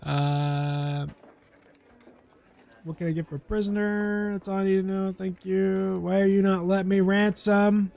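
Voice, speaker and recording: A man's voice: sits high, steady tone, measured pace, gravelly, a little mellow. A man giving casual, playful commentary while playing a game, chatting and dipping into mock role-play. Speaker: gameplay commentator.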